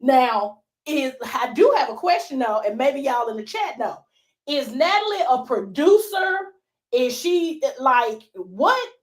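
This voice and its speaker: High-voiced woman giving opinionated gossip. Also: big pitch swings, unhurried. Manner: opinionated, rhetorical questions. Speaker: co-host. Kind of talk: casual gossip commentary.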